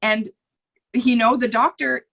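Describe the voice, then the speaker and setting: A woman's voice: on the high side, steady tone, slow, gravelly, fairly bright tone. A woman talking as a guest in a podcast interview, earnest and candid, speaking in long rambling runs that repeat phrases and sometimes turn emotional.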